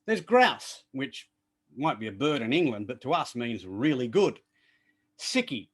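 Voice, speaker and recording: A man's voice: measured pace, slightly rough. An Australian man giving a playful, explanatory prepared speech to an online club. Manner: playful, explanatory, lively pitch swings. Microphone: online call.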